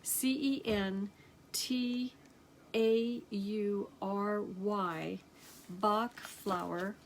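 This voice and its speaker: A woman teaching energy healing, slowly reading out affirmations in a gentle, unhurried way with many pauses. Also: medium pitch, fairly even intonation, background noise. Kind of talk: slow guided healing affirmations.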